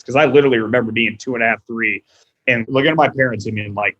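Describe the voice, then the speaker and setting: A man in his thirties chatting casually as a podcast guest, telling animated stories and quoting people in voices. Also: mid-range voice, fast talker, highs cut off. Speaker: podcast guest, restaurant owner.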